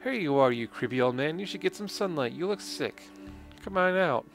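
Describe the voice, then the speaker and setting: A man voicing a brash, rough-talking male mercenary in a game playthrough, speaking in a cocky, taunting way. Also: fairly high pitch, expressive, brisk, soft background music, pitched above the performer's own voice.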